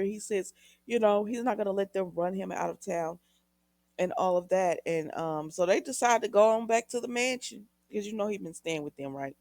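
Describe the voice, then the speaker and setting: Gravelly-voiced woman chatting through a recap. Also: mid-range voice, a little fast, a little mellow, dry recording. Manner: chatty, retells scenes with quoted lines and asides to viewers. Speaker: soap opera recap vlogger. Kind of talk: casual episode recap.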